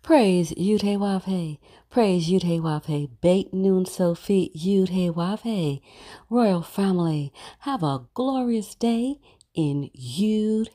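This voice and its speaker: A woman giving a slow, emphatic devotional sign-off. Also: lowish voice, mellow. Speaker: closing announcer.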